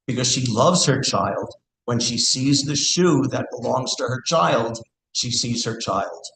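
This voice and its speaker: A man of average pitch teaches a scripture class, earnest and unhurried, pausing to search for words and reciting verse. His voice rings in an echoey temple room over a faint steady hiss. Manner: earnest, thinking aloud with fillers and Sanskrit verse. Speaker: class speaker. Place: temple hall.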